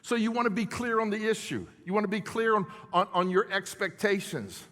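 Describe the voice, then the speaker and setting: A man's voice: high voice, brisk, bright, forceful tone, in a large hall. A middle-aged male pastor delivering a sermon in a conversational style, often checking in with his congregation. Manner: conversational preaching with audience check-ins. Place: church sanctuary.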